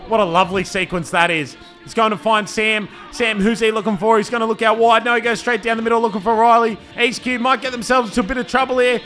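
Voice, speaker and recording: An Australian man commentates his club's match footage in a loose, bantering way, saying "man" often and lifting his energy on attacks. His voice is bright and sits fairly high for a man. Light music plays behind him. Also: quick pace, few pauses. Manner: laid-back banter, says "man" a lot, excitable on attacks. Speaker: club owner commentating his team's match video. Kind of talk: casual play-by-play commentary.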